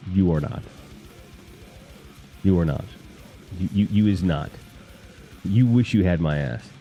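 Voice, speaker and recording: A man's voice: low voice, expressive, measured pace, highs cut off, soft background music. A man hosting a casual live stream, rambling and joking with crude humor while talking to his chat.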